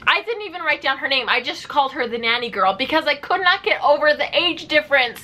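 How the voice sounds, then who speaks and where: A young woman giving animated, sarcastic reaction commentary as a vlogger. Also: sits high, fairly quick, few pauses. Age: young adult.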